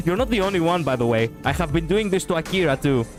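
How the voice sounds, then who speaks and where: Excitable Greek-accented young male streamer. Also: on the high side, fast talker, hardly any pauses, over music. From Greece. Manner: excitable, laughs a lot, swears, jumps between loud and muttered. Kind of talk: casual reaction stream.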